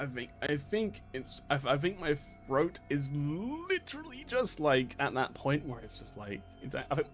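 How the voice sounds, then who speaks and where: A young man with a high, bouncing voice streams a game, caught in a giddy, stammering ramble and repeating himself. His voice leaps up and down constantly. Faint game music plays underneath. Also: a bit bright. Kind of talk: live gameplay commentary.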